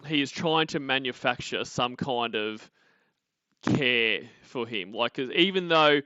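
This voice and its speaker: A man's voice: medium pitch, lively intonation, a little slow, bright, forceful tone, smooth, no echo, lo-fi sound. A man with an Australian accent, co-hosting a casual chat and rambling with lots of fillers and restarts. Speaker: podcast co-host.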